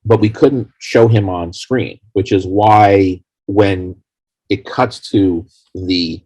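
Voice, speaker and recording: A man being interviewed as a guest, telling long rambling stories about making his film in a casual, animated way. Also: lowish voice, slow pace, husky, no room sound. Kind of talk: casual anecdotal storytelling.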